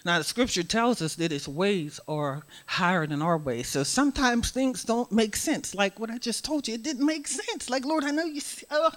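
A middle-aged woman giving a sermon as guest speaker, swinging from hushed asides to loud, emphatic preaching. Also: mid-range voice, expressive, normal speed, few pauses.

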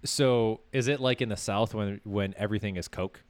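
Male podcast co-host, low voice, easygoing rambling delivery, dry sound. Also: normal speed, no room sound. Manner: laid-back, laughs often, rambling with fillers. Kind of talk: casual chat.

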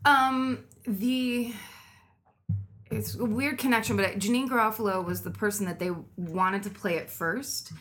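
A woman chatting as a podcast guest, animated and quick to laugh, exaggerating her stories for effect. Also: medium pitch. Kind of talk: casual chat.

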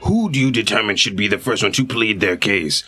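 A man voicing a fussy, pedantic male creature who lectures about proper terms, a little lower than his own voice. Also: expressive, a little fast, pushed and bright, slightly rough, dry recording, faint music behind, exaggerated voice. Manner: prim, precise, lecturing.

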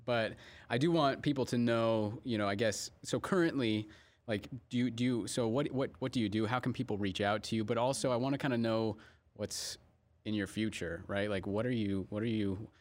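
Halting male podcast host. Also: fairly low pitch, darkish tone. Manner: halting, stops and restarts his questions. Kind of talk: casual interview.

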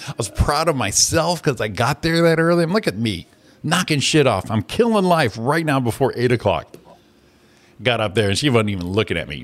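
A man hosting a morning radio show, telling stories in a loose, profane, animated way and acting out grumpy voices. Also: medium pitch, a little fast. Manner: animated storyteller, swears freely, acts out grumpy voices. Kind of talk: casual chat.

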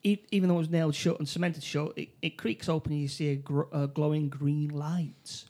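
A man recapping a film plot in casual chat, halting, with many restarts and fillers. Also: on the high side, little pitch movement, darkish tone. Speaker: film review co-host.

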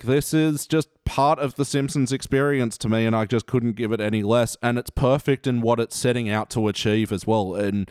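A man's voice: mid-range voice, fairly even intonation, normal speed, hardly any pauses, darkish tone, clear, resonant tone, no echo, studio quality. A man hosting a casual podcast chat, playful and laughing often as he runs the conversation. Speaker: podcast host.

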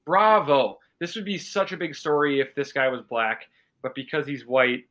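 Bright-voiced, blunt podcast host man. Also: medium pitch, normal speed. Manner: blunt, opinionated, profane. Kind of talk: casual chat.

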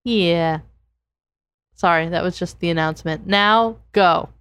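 A woman's voice: lowish voice, a little slow, a bit bright, smooth, dry recording. A woman co-hosting a podcast in casual chat, reacting with wry, teasing remarks and reading announcements. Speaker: podcast co-host.

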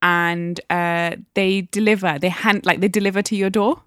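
A woman's voice: medium pitch, steady tone, moderate pace, a bit bright, clean tone, no echo, studio quality. A woman from Newcastle co-hosting a casual podcast, chatting and rambling through stories. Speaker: podcast co-host.

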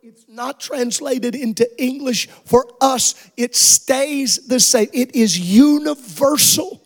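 A male pastor preaching a sermon in a church, reading scripture aloud and often shouting or singing out his lines. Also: very high-pitched, takes it slowly. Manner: preaching with shouted, sung-out passages.

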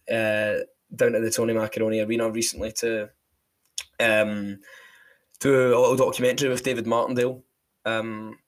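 A man with a Falkirk and Glasgow Scottish accent, hosting a casual podcast and telling stories against himself in a chatty way. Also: fairly low pitch. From Scotland. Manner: self-mocking, chatty storyteller. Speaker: podcast host.

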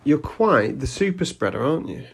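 Playful husky-voiced man, very animated. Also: mid-range voice, normal speed. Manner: playful, teasing, spins absurd tall tales. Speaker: podcast co-host. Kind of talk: casual chat.

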